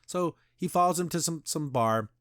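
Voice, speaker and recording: A podcast host with a higher, fairly bright voice chats casually and animatedly at a moderate pace, reviewing an episode and retelling its scenes. The sound is dry and studio-clean.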